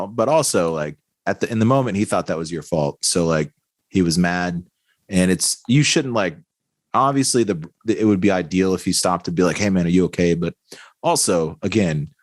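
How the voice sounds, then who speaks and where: A man co-hosting a podcast in casual chat, relaxed and chatty, full of "dude" and "like". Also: deep voice, moderate pace, dry recording. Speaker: podcast co-host.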